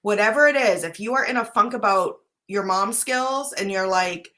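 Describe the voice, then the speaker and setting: A woman's voice: mid-range voice, moderate pace, hardly any pauses, sharp tone. A woman life coach talking casually to her viewers, earnest and chatty, often checking in with "right?". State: briefly choked up at times. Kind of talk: casual talk to camera.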